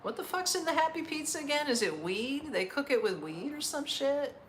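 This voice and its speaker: A woman's voice: sits high, sing-song, normal speed, fairly bright tone, slight background noise. A middle-aged American woman on a live stream, chatting casually with viewers, blunt and laughing, swearing freely. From United States. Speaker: vlogger answering live chat.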